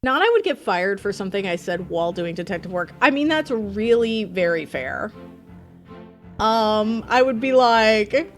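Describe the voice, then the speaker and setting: A woman's voice: medium pitch, expressive, unhurried, faint music behind. A woman streaming a game live, chatting playfully and swearing freely as she thinks aloud. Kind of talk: casual live gameplay commentary.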